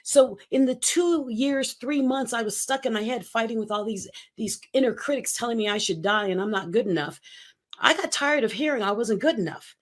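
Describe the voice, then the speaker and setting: A woman's voice: fairly high pitch, normal speed. Fifty-something woman coach, upbeat and punchy, acts out little quotes. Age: 50s. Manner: energetic, emphatic, acts out quotes. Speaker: guest speaker coach. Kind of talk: motivational interview talk.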